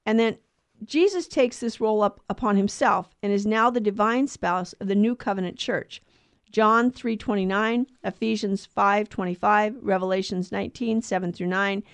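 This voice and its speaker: A woman's voice: mid-range voice, moderate pace, no echo. A woman co-hosting a podcast, explaining a gospel reading in casual chat, digressing and correcting herself as she goes. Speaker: podcast co-host teaching scripture.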